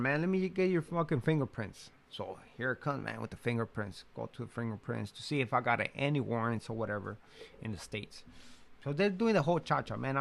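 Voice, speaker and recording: A young man casually telling a personal story in an animated way, laughing at times and often restarting his sentences. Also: mid-range voice, vocal fry.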